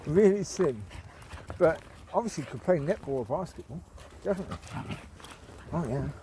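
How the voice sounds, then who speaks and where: Dog-walking vlogger, man: high, very lively voice, chatty, barks commands at his collies, recorded outdoors on the move. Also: a little hiss or hum. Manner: chatty, calls out sharp commands to his dogs; coos affectionately at dogs and puppies. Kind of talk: casual walk-and-talk chat. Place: outdoors in a village.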